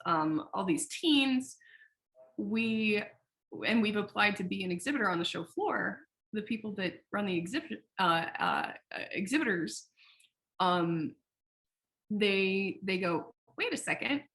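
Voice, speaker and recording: Woman guest, candid founder, animated storyteller, swears freely. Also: mid-range voice. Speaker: founder of a sexual wellness company, podcast guest. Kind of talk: casual interview storytelling.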